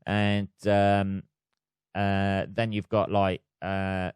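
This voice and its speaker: A man's voice: low voice, monotone, drawn-out words, clear, resonant tone, dry recording, clean studio sound. Sweary rambling Northamptonshire man. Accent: Northamptonshire English. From England. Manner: rambling and sweary, many fillers. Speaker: podcast host. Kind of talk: casual solo chat.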